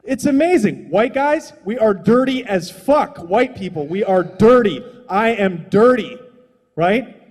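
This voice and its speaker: A man's voice: high voice, lively intonation, a little slow, breathy edge, in a large hall. A young adult man doing a stand-up comedy set on a small stage, rambling and profane in a loose, conversational way.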